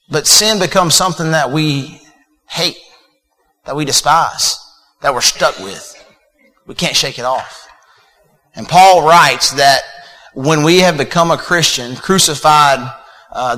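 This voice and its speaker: A man preaches in an easygoing, conversational manner, often restarting phrases and repeating words. His voice is bright and forward. The sound rings with the long reverb of a large hall. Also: a little high. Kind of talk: sermon.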